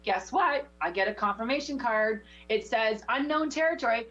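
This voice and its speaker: A woman with a fairly high voice coaches someone through a card reading, talking with passion and a preacher's push. The sound is dull and lo-fi, like local TV audio. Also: lively intonation, moderate pace, a bit bright, faint music behind. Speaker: spiritual teacher giving oracle card readings. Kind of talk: intuitive coaching chat.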